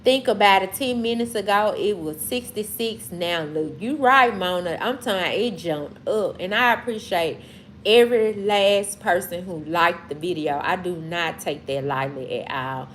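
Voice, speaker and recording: A woman from Mississippi hosts a casual livestream, her voice low-ish with a fairly bright tone over slight background noise. In a slow Southern drawl, she answers comments and talks back to chat.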